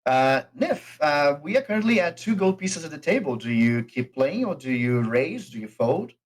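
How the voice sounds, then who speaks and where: A man narrates as game master of a tabletop game, taking his time and filling the narration with lots of uh and um. His voice sits on the high side and swings widely in pitch, and the audio quality is poor.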